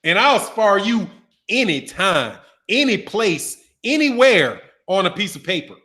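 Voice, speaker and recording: A man commentating on boxing in a casual, animated rant, repeating himself and trash-talking. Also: sits high, a little slow.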